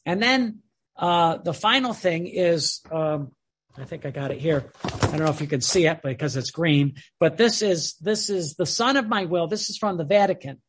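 An earnest devotional teacher with a slightly husky, breathy voice at a middle pitch. The talk is informal and heartfelt, full of restarts and repeated phrases. It sounds like someone explaining their faith to listeners in their own words. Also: moderate pace.

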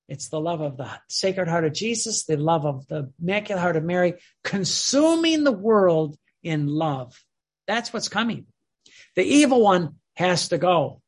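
An earnest devotional teacher with a slightly husky, breathy voice at a middle pitch. The talk is informal and heartfelt, full of restarts and repeated phrases. It sounds like someone explaining their faith to listeners in their own words.

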